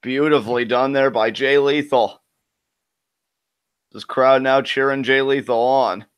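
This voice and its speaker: A man's voice: mid-range voice, steady tone, a little slow, clean tone, no room sound. A man co-hosting a live wrestling reaction stream, giving casual, joking play-by-play commentary.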